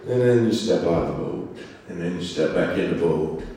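A man preaching a Sunday sermon as pastor, swinging from soaring exhortations to hushed, quiet lines. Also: low voice, animated, a little fast. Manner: preaching with sweeping rises and hushed drops. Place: church sanctuary. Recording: echoey reverberant hall.

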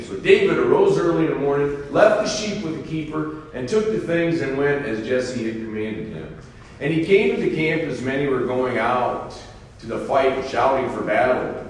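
A man preaching, reading scripture aloud and then commenting on it in a folksy, animated way. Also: mid-range voice, normal speed, slight background noise. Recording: echoey hall from far off.

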